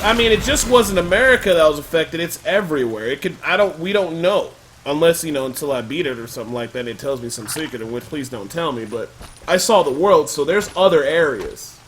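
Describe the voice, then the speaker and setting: A man giving gameplay commentary, thinking aloud and loudly trash-talking enemies with plenty of swearing. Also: a little high, slight background noise. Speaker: let's play commentator.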